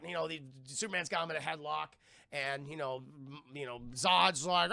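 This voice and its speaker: Brief: young male streamer, bright gravelly voice, excitable and profane, dry close mic. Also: fairly high pitch, quick pace, no echo. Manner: excitable, profane, acts out scenes in loud yelps. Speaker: film reviewer streaming live. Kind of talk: casual profane film recap.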